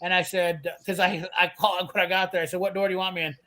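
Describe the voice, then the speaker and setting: Blunt, high-voiced swearing man. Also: flat delivery, fast talker, sharp tone, low-quality recording. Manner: profane, blunt, heated ranting. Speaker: host telling a work story. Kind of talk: casual storytelling chat.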